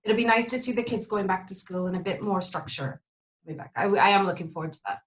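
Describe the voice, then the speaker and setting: A woman's voice: medium pitch, fast talker, rough recording. A woman co-hosting a podcast, playful and expansive in her answers. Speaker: podcast co-host. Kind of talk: casual podcast chat.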